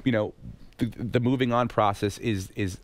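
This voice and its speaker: A man, a comedian guest on a radio show, speaking haltingly and earnestly, repeating words. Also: fairly low pitch, fairly even intonation, no room sound. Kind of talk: radio interview.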